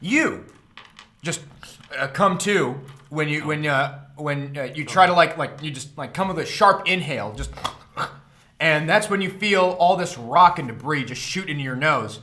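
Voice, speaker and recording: A young man streaming as game master, telling the scene in a loose, rambling way with lots of fillers and chuckles. His voice sits a bit high for a man, and the sound carries a roomy echo as if from a bare room. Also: animated, normal speed, bright, forceful tone. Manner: rambling, full of fillers and laughter. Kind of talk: narrating a tabletop game on a stream.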